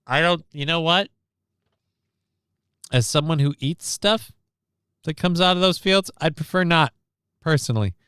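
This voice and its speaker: A man's voice: fairly high pitch, animated, measured pace, long pauses, a bit bright, clean tone, dry recording, studio quality. A man streaming casual reaction commentary on a news clip, sarcastic and rambling, reading chat comments aloud.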